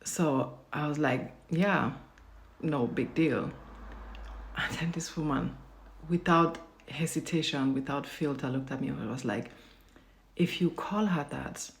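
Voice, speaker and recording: A woman's voice: deep voice, slow. A woman in her thirties telling a parenting story in a blunt, profane, emphatic casual rant. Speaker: parent vlogger.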